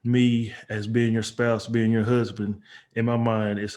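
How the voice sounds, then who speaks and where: This man talks in an earnest, measured way while co-hosting a casual chat. His pitch stays flat and level, with very little rise and fall.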